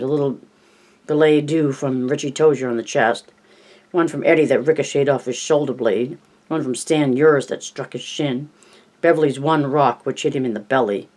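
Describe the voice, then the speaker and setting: A man narrating a novel in an even, measured storytelling voice. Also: mid-range voice, poor audio. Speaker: audiobook narrator.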